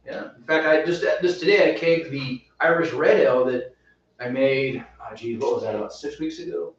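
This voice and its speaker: A man walks through his brewing plans in a relaxed, rambling chat, restarting his phrases as he goes. He sits well back from the mic. The room is very echoey and the sound is dull. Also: medium pitch, moderate pace. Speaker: homebrewing show host. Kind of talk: casual chat. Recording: roomy, distant, dull sound.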